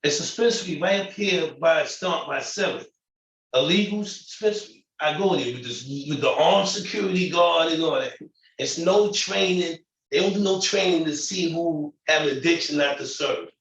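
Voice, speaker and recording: Heard from a distance in muffled, echoey room audio, a man with a fairly high, fairly bright voice speaks at normal speed. He lives at a shelter and, during public comment at a community meeting, pleads emotionally, upset and close to tears.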